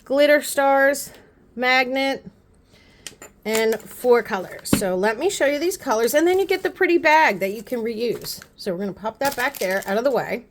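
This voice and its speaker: A woman with a fairly high voice chats casually to her camera. She gushes and rambles, drifting into quick self-aware asides. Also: a little hiss or hum. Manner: chatty and gushing, repeats "pretty" often. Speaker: beauty vlogger. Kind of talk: casual haul chat to camera.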